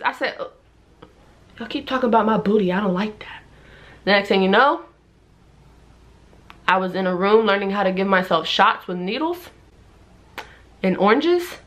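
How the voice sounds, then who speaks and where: Animated young woman telling a story. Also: normal speed, long pauses. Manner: animated, acts out everyone in the story with big jumps in pitch. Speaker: vlogger. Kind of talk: casual storytime.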